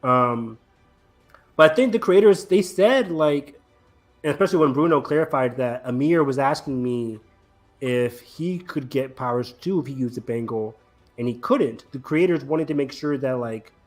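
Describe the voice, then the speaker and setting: A man's voice: medium pitch, normal speed, faint music behind. A man hosting a casual podcast chat, talking eagerly with many fillers. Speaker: podcast host.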